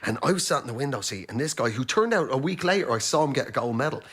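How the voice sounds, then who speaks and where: Animated male comedy panelist. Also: medium pitch, fast talker, breathy edge. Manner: animated storyteller, self-mocking.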